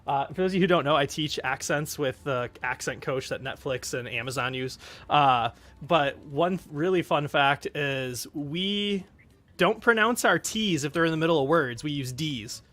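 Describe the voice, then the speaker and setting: Bright-voiced male accent coach explaining. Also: fairly high pitch, moderate pace. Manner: explanatory, fact-sharing. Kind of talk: casual group chat.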